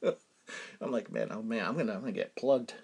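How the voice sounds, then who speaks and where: A man's voice: lowish voice, normal speed, creaky, a little mellow, husky. A man with a New England accent, hosting a podcast and telling a rambling, self-amused story, often chuckling and dropping to a mutter for asides. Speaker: podcast host. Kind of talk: casual storytelling monologue.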